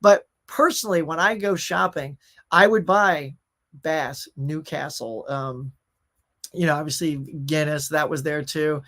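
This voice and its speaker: A man's voice: a little high, a little slow, sharp tone. A middle-aged man hosting a casual pop culture show, chatting and reading viewer comments in a rambling way with fillers.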